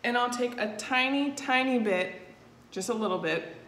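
A woman's voice: a little high, normal speed, a bit bright. Chatty woman in an echoey room. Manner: chatty and easygoing, with frequent "um" fillers. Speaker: makeup tutorial host. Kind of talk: casual step-by-step tutorial. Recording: echoey room with faint noise.

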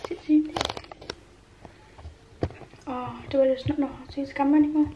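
A woman chatting excitedly in a casual home vlog, cooing softly at times, indoors at home. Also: high-pitched, fairly quick, lo-fi sound, background noise. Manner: chatty and excitable, coos softly to her pet.

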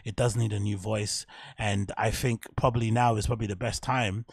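A man's voice: on the low side, level tone, normal speed, husky, no room sound. Rambling, swearing man, dry sound. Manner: swears freely, thinks out loud, trails off. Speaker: fashion podcast host. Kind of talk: casual rambling monologue.

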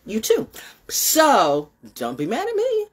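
A woman talking casually to her camera in a rambling monologue, swinging from high exclamations to low muttering and swearing freely. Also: wildly swooping pitch, slow, slightly rough. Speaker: vlogger.

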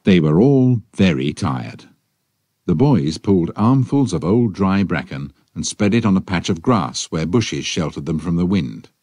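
A man reads a children's adventure as the narrator, with an expressive, storytelling delivery. His voice is very deep with a husky edge, and it rises and falls a lot. Faint music plays beneath. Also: a little slow, no room sound.

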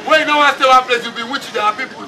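A man with a Nigerian accent, his voice very high and very fast, preaches a funeral sermon in a blend of English and Pidgin and urges the congregation to answer him. The mic is distant, picking up the crowd and noise.

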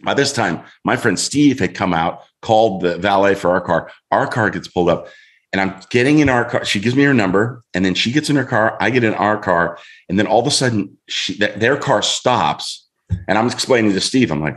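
A middle-aged man, a guest on a show, telling a story in an animated way and acting out voices as he goes. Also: lowish voice, brisk. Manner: lively, acts out voices in his story.

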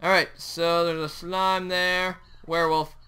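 A young man hosting a Minecraft let's play, talking excitedly over his gameplay and yelping at sudden moments. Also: a little high, a little slow, clear, resonant tone. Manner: excitable, yelps and shouts at the game. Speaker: gaming channel host.

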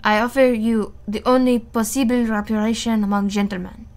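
A woman's voice: fairly high pitch, flat delivery, normal speed, natural voice. A woman reading the part of a hot-tempered young French nobleman, earnest and formal. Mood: earnest proud.

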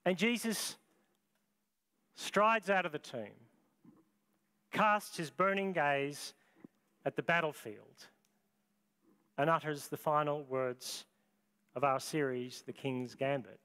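A man, preaching a sermon as pastor, with dramatic, deliberate storytelling and long pauses. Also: fairly high pitch, pushed and bright, clean tone.

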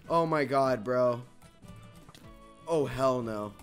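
A young man giving frustrated, swearing commentary over his own gameplay and repeating himself a lot. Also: mid-range voice. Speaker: gaming video creator.

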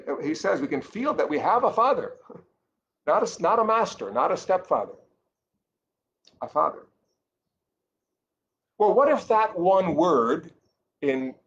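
A man giving a catechesis lesson in an earnest, explanatory way, pausing and restarting often as he thinks aloud. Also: fairly high pitch, lo-fi sound. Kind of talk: catechesis teaching.

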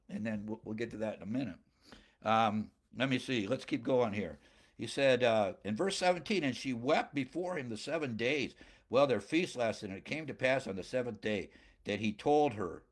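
A man preaching through a Bible passage at a middle pitch, reading the old wording aloud and then retelling it in casual everyday terms. He often pushes his voice up in pitch and volume to stress a point, and drops into chuckling asides and personal stories. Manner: reads scripture aloud, then paraphrases it in plain speech; animated, often rising in pitch and volume for emphasis. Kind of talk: expository Bible sermon.

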